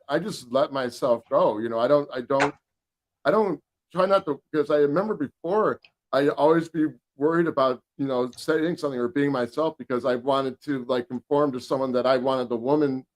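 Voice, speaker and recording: A man's voice: on the high side, fairly quick. A man guest in a casual talk, speaking in a rambling way with many restarts. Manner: rambling, frequent restarts and fillers. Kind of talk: casual chat.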